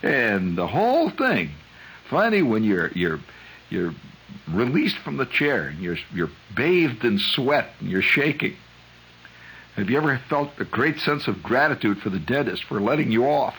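A man hosting a radio show, spinning a rambling, chuckling monologue that climbs high when he gets worked up. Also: unhurried, slightly rough, low-quality recording. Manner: digressive storyteller, chuckles often, voice climbs high when excited. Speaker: radio host.

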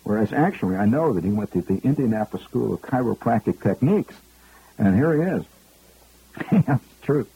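A man with a very husky, mellow voice tells a comic story in a rambling, digressive way. His tone is wry and dry. His pitch swings lively from low grumbles to high peaks. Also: normal speed, muffled recording. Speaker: radio monologist.

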